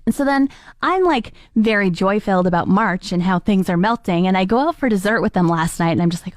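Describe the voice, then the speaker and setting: A woman's voice: a little high, fast talker, no echo. A young woman, hosting a morning radio show and chatting through stories on a studio mic. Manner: chatty and animated, acts out quoted voices. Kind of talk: solo radio chat with anecdotes.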